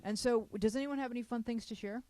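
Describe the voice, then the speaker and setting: A woman's voice: on the high side, fast, dark tone, no room sound. A woman hosting a casual panel chat show, playful, laughing often and reading listener letters aloud. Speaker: host.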